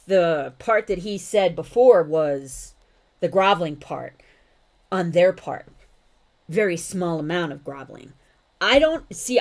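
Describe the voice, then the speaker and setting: A woman hosting a reaction video, talking back to a clip in blunt casual commentary and swearing freely. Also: lowish voice.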